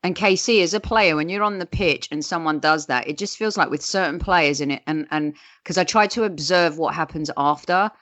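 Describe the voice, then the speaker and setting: Low-voiced earnest woman analyst. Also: brisk, hardly any pauses, a bit bright. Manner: earnest, thoughtful, restarts often. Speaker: football podcast panelist. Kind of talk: casual fan chat and analysis. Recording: dull lo-fi audio.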